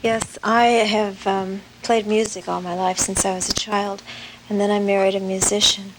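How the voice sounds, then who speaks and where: A woman in a seminar audience, speaking in a halting, hesitant way. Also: mid-range voice, little pitch movement, noisy background. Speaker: audience member.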